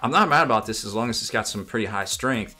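A man's voice: lowish voice, animated, fast talker, sharp tone. A man giving a casual unboxing commentary as a miniatures reviewer, rambling with fillers and self-corrections.

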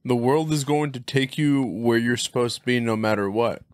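Male guest type, middle pitch, meandering sincere talker, dry room. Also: normal speed, no echo. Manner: earnest, rambling, loses his thread. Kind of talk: casual comedic chat.

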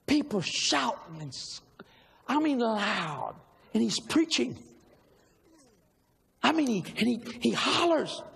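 Preacher, man, very high gravelly voice, lively delivery, echoing hall with a faint crowd. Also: takes it slowly, pauses often. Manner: animated, bursts into shouting. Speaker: minister. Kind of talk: sermon storytelling.

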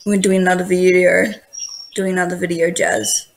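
A woman's voice: lowish voice, flat delivery, normal speed. A woman hosting a casual gameplay video, playful and teasing, often breaking into giggles. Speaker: gaming channel host.

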